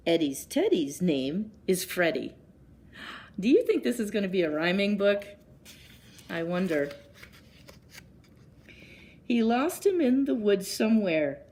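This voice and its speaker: Gentle, lively woman reading to children. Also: fairly low pitch. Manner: gentle, asks children questions. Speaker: children's librarian. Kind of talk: children's story time read-aloud.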